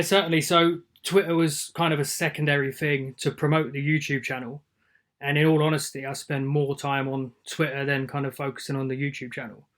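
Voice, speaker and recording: A man, a guest film reviewer on a casual podcast, whose voice sits fairly high and stays flat in its melody. He speaks in a relaxed, plain-spoken way.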